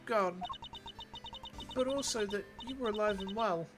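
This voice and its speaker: A man reading a calm older woman judge's lines from a video game in a soft, measured voice. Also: high voice, over music, voice pushed up. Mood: gentle.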